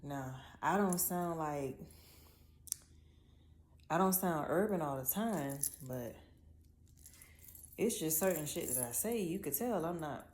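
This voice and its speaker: A woman's voice: low-pitched, a little hiss or hum. A woman from Miami with a Miami accent, ranting bluntly and with lots of swearing in a casual monologue. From Miami, Florida. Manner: blunt, profane, animated storytelling with drawn-out words. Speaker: vlogger.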